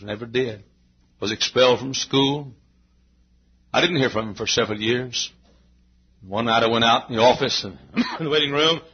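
A man preaching a sermon to his church, repeating phrases and rising into shouted climaxes. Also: medium pitch, gravelly, husky. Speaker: pastor. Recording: dull lo-fi sermon recording.

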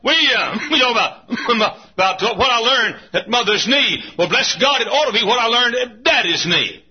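A man preaching a sermon in a church, folksy and often shouting, laughing along as he goes. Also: very high voice, animated, moderate pace, husky, dull audio. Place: church auditorium.

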